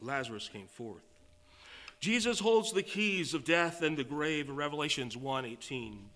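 A man preaching a sermon, quoting scripture and swelling from quiet remarks to loud, emphatic declarations. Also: medium pitch, lively intonation, a little slow. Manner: reads and quotes scripture in old-fashioned wording.

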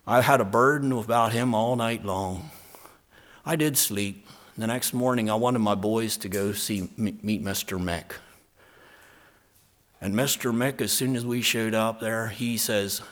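A man preaching an emphatic sermon and telling a personal story, moving between soft earnest talk and loud, stressed lines. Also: fairly low pitch, unhurried. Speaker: pastor.

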